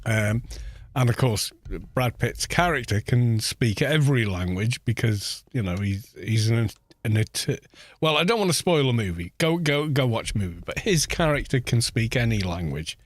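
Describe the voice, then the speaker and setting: A man's voice: medium pitch, lively intonation, normal speed, no echo. A British man in his forties, chatting casually and rambling while he streams a game. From Britain. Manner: rambling, musing, with frequent restarts. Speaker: gaming streamer. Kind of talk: casual chat while gaming.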